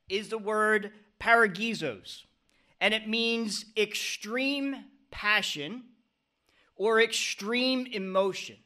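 Middle-aged male pastor, high bright voice, earnest preaching with call-and-response "Amen?" checks. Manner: preaching with frequent "Amen?" calls to the congregation. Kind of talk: sermon.

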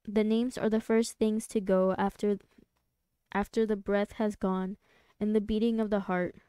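A woman voicing a sad ghost child who has forgotten its name, speaking slowly and wistfully. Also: mid-range voice, little pitch movement, warm tone, smooth, no room sound, close to an everyday voice.

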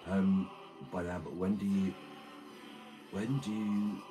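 Low-voiced man chatting on stream. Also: fairly even intonation, takes it slowly. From Britain. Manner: rambling, crude banter with chat, mumbled asides. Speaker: livestreamer reading chat. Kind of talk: casual livestream chat. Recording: streamer mic with loud music behind. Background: music playing.

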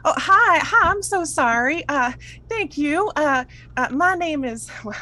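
A woman voicing a huge, gentle, motherly furry female creature who talks sweetly and calls everyone sweetheart, in a tabletop game. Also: high voice, expressive, a little slow, voice pushed up, full character voice. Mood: doting. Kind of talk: tabletop role-play voice.

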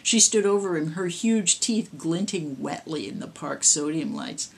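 Woman reading a horror story, lowish voice. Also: expressive, unhurried, creaky, a little hiss or hum. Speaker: author. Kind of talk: reading her own horror story aloud.

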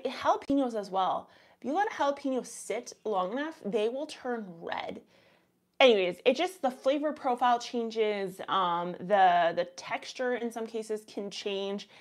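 A woman in her thirties with a Canadian accent, hosting a live gardening Q&A stream in a chatty, rambling way and reading viewer comments aloud. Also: medium pitch. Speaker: host.

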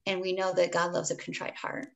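The audio is low-quality with slight background noise, and the woman's lowish, gravelly voice is brisk and completely flat. A dietitian guest in an interview, she recounts a candid personal story earnestly, restarting and digressing often, and briefly voices her former self in quotes.

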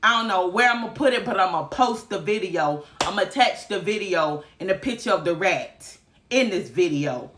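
Animated woman telling a story. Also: medium pitch, normal speed, background noise. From Alabama. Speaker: vlogger. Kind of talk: casual storytime.

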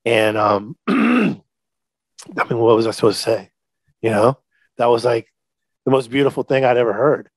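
A man's voice: mid-range voice, expressive, moderate pace, pauses often, dry recording. A middle-aged man, a podcast guest, telling a personal story in a candid, earnest way, emphatic and casually swearing.

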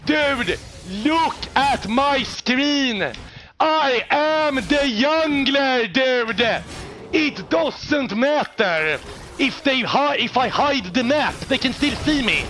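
A young man, loudly and excitably commentating his own live gameplay, swearing and shouting at teammates. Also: extremely high pitch, takes it slowly, faint music behind. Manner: loud, excitable, profane, often shouting at teammates. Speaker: game streamer.

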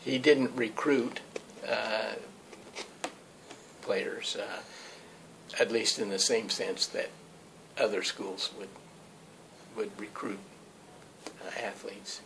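A man recalls the past in casual, hesitant speech with frequent pauses. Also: lowish voice, fairly even intonation, creaky, noisy background. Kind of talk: casual recollection.

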